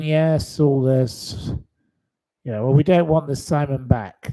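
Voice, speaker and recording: A man's voice: medium pitch, slow pace, mellow. A man hosting his own channel, delivering an angry, scolding rant full of insults. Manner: indignant, scolding, hurling insults. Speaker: channel host.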